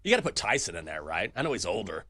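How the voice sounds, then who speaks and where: A male sports betting host with a bright, forceful voice that jumps all over the place. His delivery is lively, with quick swings from hype to deadpan asides, recorded close and dry in a studio. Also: low voice, no echo. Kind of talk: energetic sports betting talk show.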